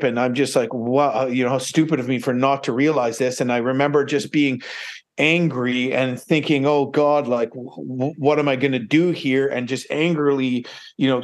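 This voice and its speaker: A man speaks at an ordinary, mid-range pitch as a podcast guest. He tells his story in a loose, rambling way and keeps restarting his sentences. The telling is animated and conversational. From Canada. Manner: rambling, many fillers and restarts, animated retelling. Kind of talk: casual storytelling.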